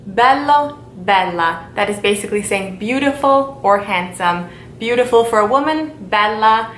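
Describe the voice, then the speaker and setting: Woman teaching slowly, echoey room. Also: mid-range voice, fairly bright tone, slight background noise. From Italian heritage. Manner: slow, repeats words for learners. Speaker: language teacher. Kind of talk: language lesson.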